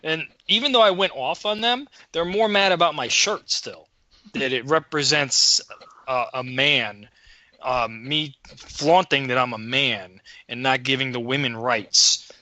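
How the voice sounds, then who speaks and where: A man's voice: mid-range voice, measured pace, pushed and bright, no echo. A man co-hosting a podcast, telling a story in a casual, profane, worked-up way. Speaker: podcast co-host.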